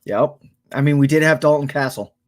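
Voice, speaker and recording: A man's voice: on the high side, brisk. A man co-hosting a late-night wrestling podcast, laid-back and agreeable in casual chat. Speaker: podcast co-host.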